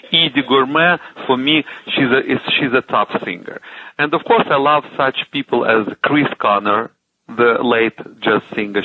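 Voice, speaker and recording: Russian accent guy, excited, lots of uhs, sounds like a tinny phone line. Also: medium pitch, husky. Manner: enthusiastic, hesitant with many uhs. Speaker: singer and TV host, guest. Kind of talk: casual interview.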